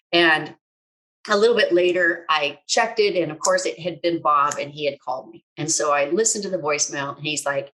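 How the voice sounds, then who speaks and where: Expressive woman telling a personal story. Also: normal speed. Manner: expressive, self-mocking, big pitch swings.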